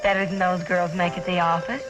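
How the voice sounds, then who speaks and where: An actress playing a housewife in a vintage coffee ad, coy and fishing for praise. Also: female voice, fairly low pitch, flat delivery, a little fast, natural voice, poor audio. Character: adult housewife in an old-style coffee ad. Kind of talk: vintage ad acting. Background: music.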